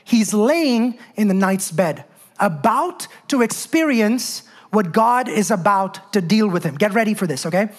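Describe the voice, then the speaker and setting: A woman's voice: mid-range voice, animated, unhurried. A woman preaching a sermon in an emphatic, conversational way, full of rhetorical questions and asides.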